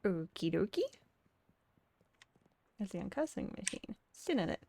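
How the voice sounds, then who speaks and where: Female host, casual playful commentary, gravelly texture. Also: mid-range voice, very animated, unhurried, darkish tone. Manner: chatty, playful, self-mocking. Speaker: let's play host. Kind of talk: casual game commentary and reading aloud.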